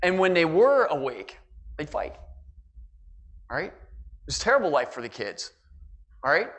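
A man's voice: fairly high pitch, big pitch swings, moderate pace, a bit bright. A middle-aged male pastor preaching a fervent sermon in church, with repeated asides like "all right?" and "listen".

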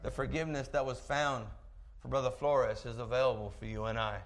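A man preaching a sermon, telling a story in an animated way with chuckling asides. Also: mid-range voice, moderate pace, creaky.

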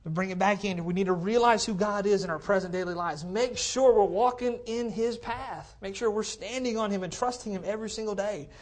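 A man's voice: high-pitched, a little fast, hardly any pauses. Brief: male pastor, conversational sermon in a church, cordless mic, emphatic repetition, frequent "okay? all right?". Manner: repeats phrases for emphasis. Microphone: cordless handheld mic.

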